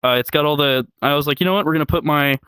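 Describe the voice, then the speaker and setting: A young man telling crude stories in casual chat, laughing often and yelling out the lines he quotes. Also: a little high, very fast, smooth, no echo. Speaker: comedian guest. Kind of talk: casual storytelling.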